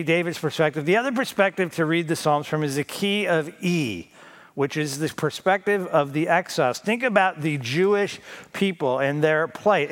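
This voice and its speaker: A male pastor giving a conversational sermon with a self-deprecating sense of humor. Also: fairly high pitch.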